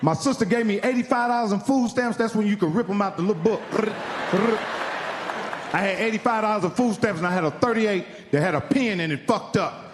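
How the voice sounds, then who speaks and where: A man with a high voice works a comedy stage, telling a profane story and jumping into the voices of everyone in it. A long hall reverb trails his words, and a faint crowd murmur sits underneath. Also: brisk, background noise. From Indiana. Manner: profane, animated, acts out quoted voices. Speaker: stand-up comedian. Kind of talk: stand-up storytelling.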